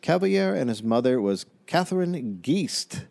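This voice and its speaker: A man's voice: mid-range voice, big pitch swings, moderate pace, vocal fry, darkish tone. A man co-hosting a comedy podcast, telling a history story in a casual, offhand way with crude asides.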